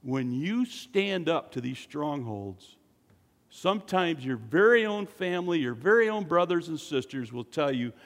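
Man, preacher, sermon, slightly high voice, slow delivery, long hall reverb. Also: expressive. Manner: preaching with dramatic swells, jokes and acted quotes.

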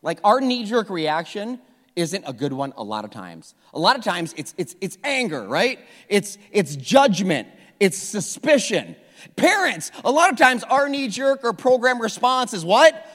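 Middle-aged male pastor, high animated voice, casual energetic sermon, long hall reverb. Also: a little slow. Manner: energetic, conversational preaching with repetitions. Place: church sanctuary.

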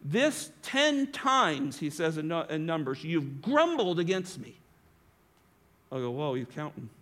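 A man preaching a sermon as pastor, swinging between emphatic lines and hushed asides. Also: on the high side, very animated, slow pace.

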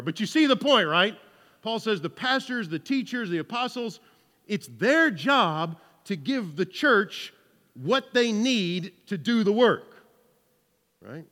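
Southern pastor preaching in a reverberant hall. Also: male voice, sits high, sharp tone. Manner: conversational, keeps asking "right?", jokes with the congregation. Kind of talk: sermon. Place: church hall with about seventy people.

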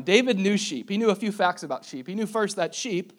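Animated, higher-pitched man preaching a sermon. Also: brisk, hardly any pauses. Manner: animated, jokey asides, emphatic repetitions. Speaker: pastor.

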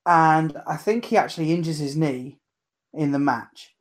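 A man recapping matches in casual chat, hesitant with many pauses and ums. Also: on the high side. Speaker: podcast co-host.

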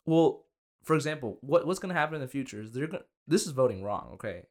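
A young man hosting a loose comedy podcast, stumbling over his words and circling back to his point. His voice sits at an ordinary middle pitch. He talks casually, trailing off into asides. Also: animated, a little mellow. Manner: rambling, halting restarts, trailing "you know what I'm saying". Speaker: podcast host.

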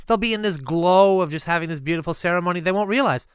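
A man's voice: sits high, fast, clear, resonant tone, no room sound, clean studio sound. A man improvising comedy sketches, blustering and mock-indignant as a boat captain and a clerk.

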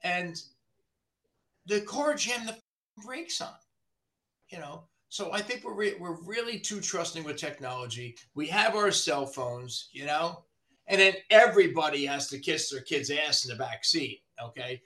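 Ranting, profane man with a high voice. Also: animated, measured pace, bright, forceful tone. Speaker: body shop owner, podcast guest. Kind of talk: casual podcast chat.

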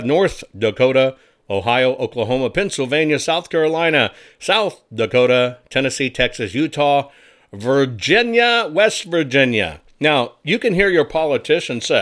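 A man's voice: fairly high pitch, fairly bright tone. A man ranting in political commentary, angry, sarcastic and crude.

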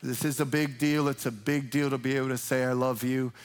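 An older man preaching a sermon in a loose, conversational way, who breaks into shrill mimicry when imitating cheering parents. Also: fairly even intonation, a little fast. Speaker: pastor. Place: church sanctuary.

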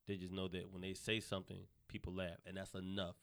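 A male stand-up comedian from Arkansas telling stories in casual podcast chat, profane and animated, slipping into mocking voices for the people he quotes. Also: deep voice, a little fast, clear, resonant tone.

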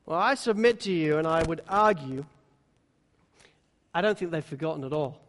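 A man preaching a sermon, now and then acting out the disciples' words in quick little voices. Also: on the high side, lively intonation. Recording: long hall reverb.

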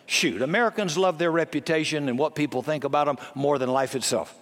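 An older man preaching a sermon in a folksy, conversational way with quick jokes, in a church hall. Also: on the high side, fairly bright tone. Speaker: pastor.

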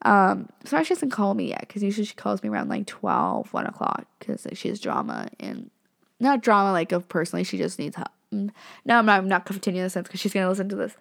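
Rambling young woman with vocal fry. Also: medium pitch, lively intonation, brisk. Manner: rambling, profane, says "like" and "literally" a lot. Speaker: podcast host. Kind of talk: casual storytelling.

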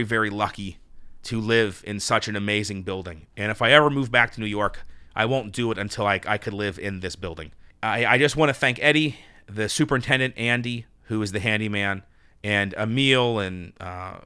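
A man's voice: lowish voice, normal speed, sharp tone, clean tone, no echo, studio quality. A man in his thirties hosting a podcast from his apartment, talking alone in an emotional, nervous, rambling way with many restarts. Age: 30s. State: nervous and flustered. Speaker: podcast host. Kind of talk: solo thank-you monologue. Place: his New York apartment.

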